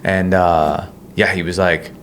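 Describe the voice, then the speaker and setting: A man's voice: low voice, level tone, takes it slowly, a bit bright, a little hiss or hum. A man co-hosting a podcast, telling a story in a casual, rambling way with lots of fillers and restarts. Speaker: podcast co-host.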